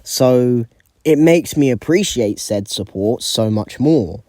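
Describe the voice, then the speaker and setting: A man speaking as a guest on a video commentary, sincere and measured. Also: mid-range voice, lively intonation, darkish tone, dry recording, clean studio sound.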